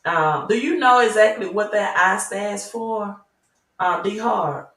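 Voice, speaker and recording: Slow and fairly bright at a medium pitch, this Southern woman runs a crypto channel stream, reading chat aloud and lecturing her audience forcefully, tossing in "right?" again and again. The mic is far off, and the room echoes around her.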